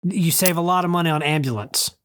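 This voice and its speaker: A man's voice: a little high, brisk, fairly bright tone, a little hiss or hum. Wry man with short quips. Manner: dry wry quips between short backchannels. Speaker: podcast co-host. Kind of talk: casual chat.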